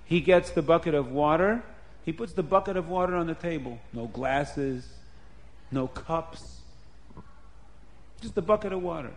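Man, storyteller, earnest, repetitive, a bit higher voice. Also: unhurried, pauses often. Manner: plain, repetitive, earnest retelling. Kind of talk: spoken storytelling.

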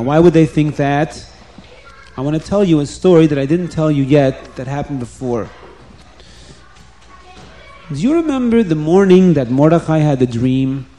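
A man storyteller spinning a tale for children. His voice is mellow and dark in tone yet sits fairly high. He tells it in an animated way, with dramatic pauses.

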